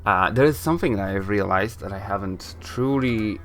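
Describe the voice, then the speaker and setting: A man's voice: fairly low pitch, moderate pace, fairly bright tone. A man giving casual let's-play commentary, rambling, correcting himself and chuckling at himself as he plays and reads aloud. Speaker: gameplay commentator.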